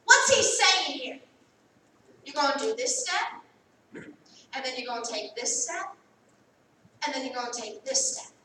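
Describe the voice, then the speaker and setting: A very high, sharply bright American woman preaches in a church, repeating key phrases and swinging between quiet asides and loud calls. Her voice reaches the mic from a distance and rings with a heavy, roomy echo. A faint hum of the room sits underneath. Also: animated, unhurried, long pauses. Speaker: pastor. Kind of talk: sermon. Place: church sanctuary.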